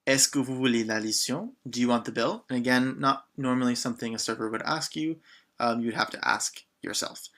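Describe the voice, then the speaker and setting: A man's voice: mid-range voice, brisk, a bit bright. A man from Canada teaching a beginner lesson in a casual way, asking learners questions and often saying um. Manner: patient, prompts learners with questions, frequent ums. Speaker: French teacher.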